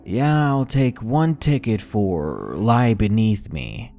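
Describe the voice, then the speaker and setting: A creepy grown man leaning in at a box office, as a narrator puts him on, talking slow and low with a leer. Faint music sits underneath. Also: expressive, gravelly, dark tone, heavily acted.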